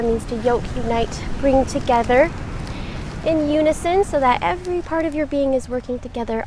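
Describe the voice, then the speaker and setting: A woman's voice: high-pitched, background noise. A woman, a yoga instructor live-streaming from the beach, chatty and welcoming as she greets her viewers. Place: outdoors on a beach.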